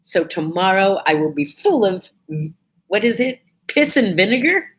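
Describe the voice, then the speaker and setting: Woman vlogger telling a fun story, chatty and animated, a bit under the weather, average pitch. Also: moderate pace. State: feeling a bit unwell. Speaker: vlog host. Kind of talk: casual storytelling to camera.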